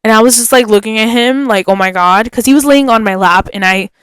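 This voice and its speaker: A young woman with a fairly high, smooth and resonant voice, recounting a story on a podcast. She talks in an animated, chatty way and laughs often. The recording is close and dry. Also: a little fast, dry recording. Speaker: podcast host. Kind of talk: casual storytelling.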